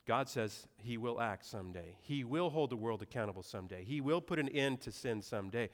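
A man's voice: medium pitch, lively intonation, a little fast. A young adult man preaching a sermon in a conversational way, with asides and rhetorical questions. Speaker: pastor.

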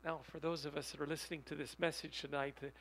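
A man preaching a sermon, reading quotations slowly and putting rhetorical questions to his listeners. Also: on the high side, level tone, fairly bright tone, rough recording. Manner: emphatic, rhetorical questions to the audience; reads quotations aloud slowly.

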